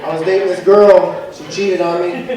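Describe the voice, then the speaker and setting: A man's voice: high voice, level tone, moderate pace, heavy background noise. A young man doing a profane, self-mocking stand-up comedy set into a handheld microphone. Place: comedy venue in front of a live audience. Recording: echoey room taped from far off, with crowd. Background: audience laughter and heckling.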